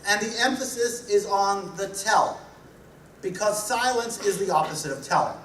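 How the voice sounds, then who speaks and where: A man's voice: high voice, moderate pace, fairly bright tone, slight background noise. Blunt joking man in an echoey hall. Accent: New Jersey. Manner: blunt, joking, punchy repetition. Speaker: conference speaker. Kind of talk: humorous conference talk. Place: large hall. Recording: echoey hall recorded from a distance.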